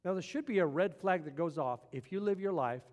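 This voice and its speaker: A man's voice: sits high, animated, brisk, a little mellow. A man preaching a sermon with emphasis, often posing rhetorical questions to his congregation. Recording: long hall reverb.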